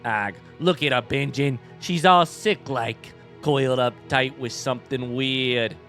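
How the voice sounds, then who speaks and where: A man voicing two gruff male bug scrap merchants in a game, speaking slowly with a put-on Boston and New York accent. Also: mid-range voice, fairly bright tone, faint music behind.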